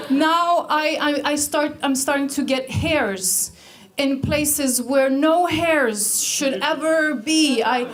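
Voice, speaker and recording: A woman's voice: sits high, fairly bright tone. A woman in her thirties from Iceland with an Icelandic accent, performing a stand-up comedy set in a dry, self-mocking way. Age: 30s.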